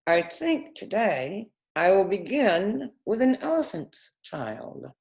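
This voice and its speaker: A woman's voice: low voice, sing-song, moderate pace, creaky, a little mellow, full character voice. A woman voicing a sly, menacing male crocodile who coaxes and talks through his teeth in a storybook reading. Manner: coaxing, speaking through teeth.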